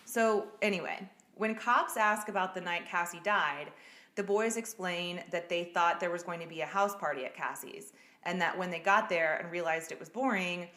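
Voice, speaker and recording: A woman's voice: lowish voice, normal speed, bright, forceful tone. A woman hosting a podcast, telling a true-crime case in a casual, blunt way and swearing freely. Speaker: podcast host. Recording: echoey room.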